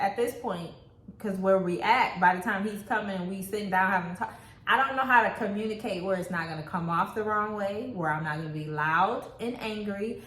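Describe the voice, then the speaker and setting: A woman's voice: mid-range voice, normal speed, a bit bright, roomy sound. A woman co-hosting a casual relationship talk, telling her own story in a candid, reflective way. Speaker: co-host.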